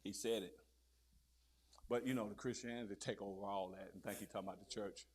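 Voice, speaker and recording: A man preaching a fiery sermon, swinging from low murmurs to loud shouted peaks and calling out questions to his listeners. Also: steady tone, brisk, husky. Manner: calls out to the crowd with repeated questions.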